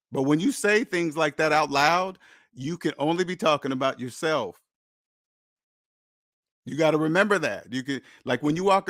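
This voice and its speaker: A man's voice: fairly high pitch, fairly bright tone, no room sound, studio quality. A man hosting a channel in a blunt, lecturing monologue, repeating points for emphasis. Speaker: host. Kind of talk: casual monologue.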